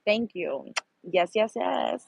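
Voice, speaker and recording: A young adult woman hosting her own online show, talking in a blunt, animated casual monologue and swearing freely. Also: mid-range voice, slow, gravelly, a little hiss or hum, low-quality recording.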